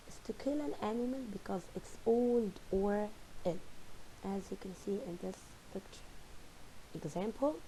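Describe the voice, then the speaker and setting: Slow, mellow-voiced woman teacher. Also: medium pitch, slight background noise, poor audio. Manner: slow, explains each phrasal verb with example sentences. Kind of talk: recorded English lesson.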